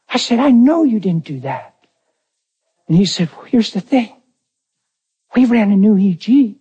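A man preaching a personal testimony, acting out the dialogue, swinging from near shouts to hushed tones. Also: high voice, expressive, normal speed, long pauses, slightly rough, dull audio. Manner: acts out dialogue in his story. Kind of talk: testimony sermon.

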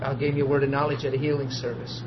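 A man, preaching and telling a personal testimony, swinging from hushed talk to loud tearful laughter. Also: mid-range voice, monotone, fast talker. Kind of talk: testimony storytelling. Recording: dull lo-fi audio with noise.

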